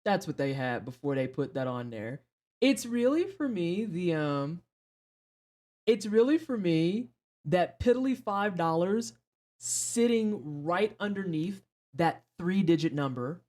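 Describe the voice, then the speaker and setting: A woman's voice: fairly low pitch, expressive, unhurried, darkish tone. A woman streaming her gameplay, chatting sarcastically with her chat and laughing often. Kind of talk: live-stream gameplay commentary, reading chat.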